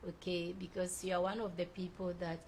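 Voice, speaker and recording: A woman's voice: on the low side, little pitch movement, brisk, darkish tone, a little hiss or hum. Chatty woman hosting a show. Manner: effusive, laughs often, chatty. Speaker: show host. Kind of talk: casual live-show chat reading viewer comments.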